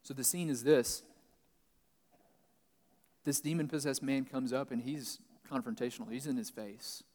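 A man's voice: mid-range voice, fairly even intonation, moderate pace, pauses often, darkish tone. A man pastor giving Bible teaching, reading a passage and then explaining it plainly. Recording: long reverb, large hall.

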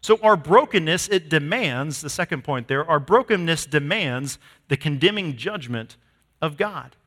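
High, bright-voiced preaching man. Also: expressive, moderate pace. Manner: emphatic preaching, swinging from loud to hushed. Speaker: pastor. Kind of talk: sermon. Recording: long hall reverb.

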